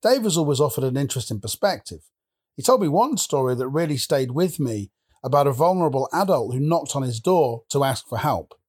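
A man hosting a podcast, giving a calm, earnest narration and outro. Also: medium pitch, fairly quick, slightly rough. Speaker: podcast host.

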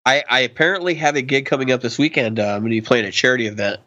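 Bright-toned man in casual gear chat. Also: mid-range voice, no echo. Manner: chatty, enthusiastic, quick asides. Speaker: podcast co-host, guitarist.

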